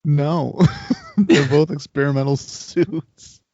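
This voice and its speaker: A man co-hosting a podcast in casual chat, talking in a relaxed, hesitant way. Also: fairly high pitch, slow, no echo, lo-fi sound. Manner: relaxed and hesitant, with laughs and fillers. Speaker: podcast co-host.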